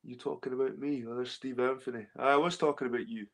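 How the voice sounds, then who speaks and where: A man's voice: medium pitch, steady tone, fast talker, fairly bright tone. A Scottish man hosting a casual livestream, rambling and swearing as he reads and answers the chat. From Scotland. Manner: rambling, swearing, repeats himself. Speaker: livestream host reading chat.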